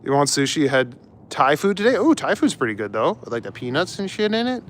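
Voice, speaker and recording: A man's voice: a little high, sing-song, fast talker, fairly bright tone, a little hiss or hum. A young man in casual chat as a live streamer, walking outdoors through city streets and chuckling as he answers his chat. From Canada. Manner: laid-back, chuckles often, reads out chat.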